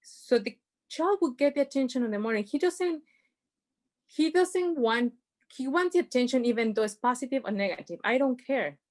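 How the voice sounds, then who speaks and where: Woman, workshop presenter on a video call; a bit higher pitch, talks through examples in plain, non-native phrasing. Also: moderate pace, darkish tone. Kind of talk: informal presentation.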